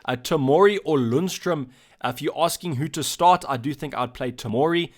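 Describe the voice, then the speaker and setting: A South African man runs a casual Q&A on a live stream, reading chat messages aloud and answering them in a loose, halting manner. His voice sits a little high.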